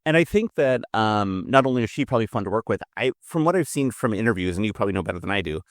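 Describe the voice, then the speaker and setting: A man's voice: on the low side, lively intonation, quick pace, no room sound, clean studio sound. A man co-hosting a podcast in casual, jokey chat, laughing often. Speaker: podcast co-host.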